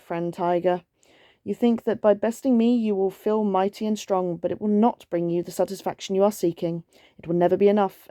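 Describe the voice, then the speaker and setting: A woman voicing a calm, wise male cat who speaks in a measured, gentle way. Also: medium pitch, dry recording, studio quality, natural voice.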